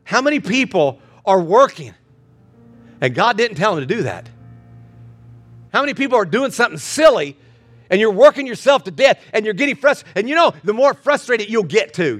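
A man preaching a sermon as pastor, building with repeated phrases and ending soft in prayer. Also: sits high, sing-song, a little fast, faint music behind.

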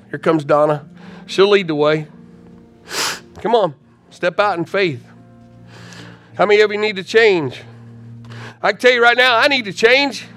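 Impassioned pastor, high bright voice. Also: male voice. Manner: impassioned, rising to shouts; repetitive, urging calls to the congregation. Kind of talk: sermon with altar call and prayer. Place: church sanctuary.

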